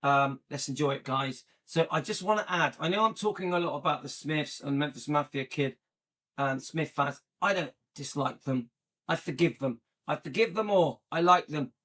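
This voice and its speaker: A man's voice: fairly high pitch, normal speed, a bit bright. A man hosting his own channel, chatting casually and a bit annoyed as he counts views and reacts to a video, with many restarts. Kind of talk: casual commentary.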